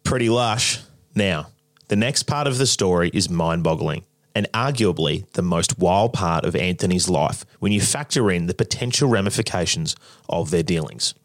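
Deep-voiced male narrator, dry sound. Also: animated, no echo. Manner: measured, introduces the guest's story. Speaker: podcast host and narrator. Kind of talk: scripted narration.

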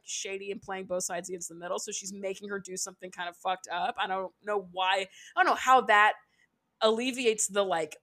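A woman podcast host in easy casual chat, recapping scenes with a loose, chatty delivery and frequent swearing. Her pitch sits at an ordinary middle level. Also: sharp tone.

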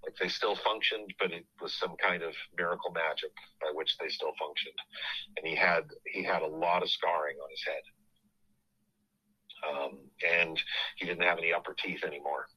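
A middle-aged man recounts a family story on his podcast, stopping and restarting his sentences as he goes. His voice sits low but comes across sharp and forceful. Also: fairly even intonation, husky, low-quality recording. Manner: halting, full of restarts and you-knows. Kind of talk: casual storytelling.

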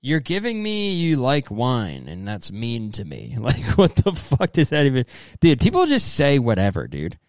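Speaking at a moderate pace, a young man with a medium-pitched voice swoops wildly in pitch as he reads messages aloud for casual comedic commentary. He rambles, swears, says "dude" constantly, and puts on exaggerated mocking voices, on a dry recording.

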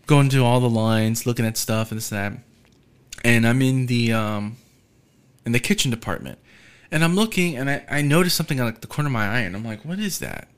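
A young man talks casually on his own podcast, swearing freely and drifting through a rambling story. His voice sits at an ordinary middle pitch, and he fills pauses with ums and quick asides. He slips in and out of quoted voices as he goes. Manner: loose, profane storytelling with many ums and asides. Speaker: podcast host. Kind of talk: casual solo podcast monologue.

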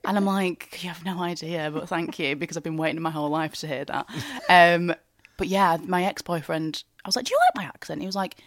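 A woman's voice: lowish voice, fairly even intonation, a little fast, no echo. A woman with an Oldham accent, a guest in a casual chat, telling self-mocking stories. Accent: Oldham, Northern English. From Oldham, England. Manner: chatty, self-mocking storyteller, swears.

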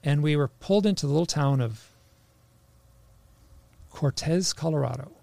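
A man telling a personal story in a casual, halting way, full of restarts, animating the voices he quotes. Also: a little high, gravelly, no echo. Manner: animated, acts out quoted lines.

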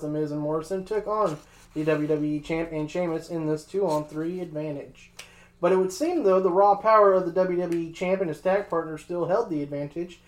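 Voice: medium pitch, reverberant, poor audio. A podcast host reading match recaps from a script and then asking a co-host for his thoughts.

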